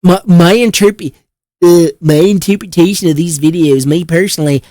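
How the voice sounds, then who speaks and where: A man putting on a deliberately bad Kentucky accent to mock a dim-witted police officer who stammers through defensive excuses. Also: high-pitched, warm tone, no room sound, studio quality, close to an everyday voice. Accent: put-on Kentucky accent.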